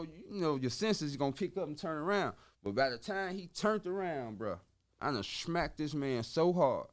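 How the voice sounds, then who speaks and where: A man, his voice a bit higher than most men's. He spins a story in loose street slang and punctuates it with vocal sound effects. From Chicago. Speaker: podcast guest. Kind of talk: casual storytelling.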